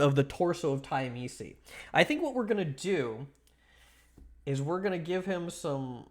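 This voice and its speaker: A young man chatting on a livestream while sculpting clay dolls, teasing viewers in a rambling, playful way with lots of restarts and laughs. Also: a little high. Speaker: streamer.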